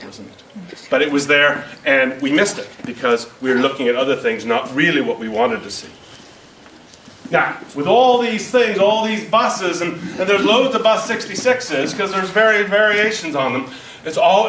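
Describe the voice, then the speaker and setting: A man with a Northern Irish accent giving an animated workshop talk to a live audience, acting out reactions with sudden loud outbursts. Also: a little high, a little hiss or hum. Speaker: workshop speaker. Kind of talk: lively audience presentation. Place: seminar room with live audience. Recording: echoey room, speaker far from mic.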